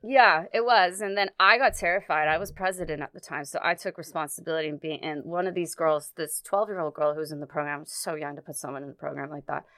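Low-voiced woman telling a story. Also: a bit bright, no echo. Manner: halting, many fillers and restarts. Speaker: guest recounting a personal story. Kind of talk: casual storytelling in conversation.

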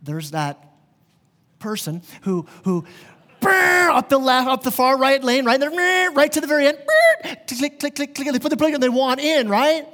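A high-voiced pastor preaches earnestly and conversationally to his congregation, driving his points home with vivid everyday examples. He speaks at a moderate pace with lively intonation and a fairly bright tone, and the large church sanctuary gives his voice a long reverb.

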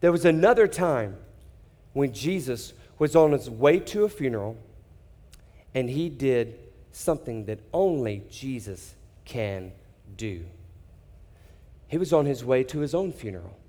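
A man preaching a sermon, dramatic, acting out people's reactions and dropping to hushed emphasis. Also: mid-range voice, animated, measured pace, pauses often, in a large hall. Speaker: pastor.

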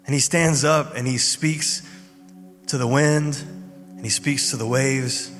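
A man gives a sermon in an informal, conversational way, like a pastor talking to his congregation. His voice carries a long hall reverb. Soft music plays clearly behind him. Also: mid-range voice, fairly even intonation, measured pace. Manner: conversational, informal preaching with fillers. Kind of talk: sermon and prayer.

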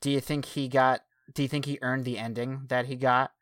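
A man's voice: mid-range voice, flat delivery, fairly quick, fairly bright tone, no echo. Hesitant man on a dry mic. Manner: hesitant, repeats words. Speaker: podcast co-host. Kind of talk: casual film review chat.

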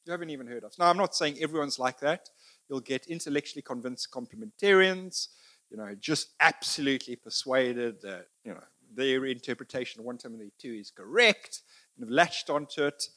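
A man speaking off the cuff to an audience, telling a story in a conversational, halting way with restarts. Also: medium pitch, animated, bright, forceful tone. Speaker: speaker answering audience questions. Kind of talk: unscripted talk to an audience.

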